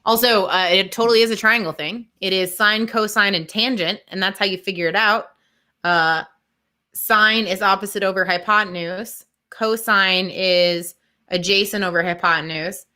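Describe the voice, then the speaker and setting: A woman's voice: mid-range voice, fairly even intonation, normal speed, sharp tone. A woman co-presenting a webinar in casual chat, thinking aloud and using "like" a lot.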